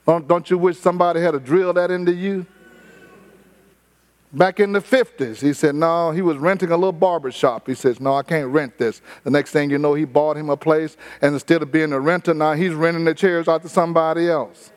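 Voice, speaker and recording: A man's voice: fairly high pitch, a little fast. A middle-aged man preaching a sermon, emphatic and repetitive, with touches of humor. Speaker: pastor.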